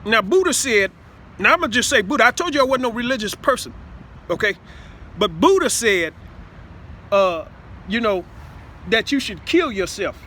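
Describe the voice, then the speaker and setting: Casting note: man, high and bright voice, halting off-the-cuff monologue, faint street noise behind. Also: big pitch swings. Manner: halting, full of stammered repeats and "see?". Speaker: self-styled speaker addressing listeners. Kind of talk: rambling improvised monologue.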